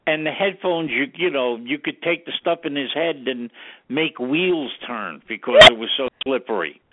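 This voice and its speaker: An older man, a guest sound engineer, telling an animated anecdote and acting out the lines he quotes. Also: medium pitch, moderate pace. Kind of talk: storytelling anecdote. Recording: tinny phone line, dry.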